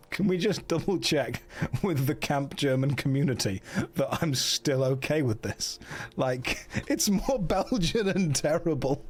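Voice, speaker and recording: A man's voice: fairly high pitch, expressive, unhurried, husky, soft background music. An English man streaming a gamebook, bantering with chat in a jokey way and laughing often. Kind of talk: casual stream commentary.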